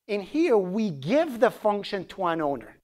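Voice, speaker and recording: A man with a Persian accent giving a programming lecture, animated and joking, asking the class questions as he goes. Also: sits high, normal speed. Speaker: programming instructor.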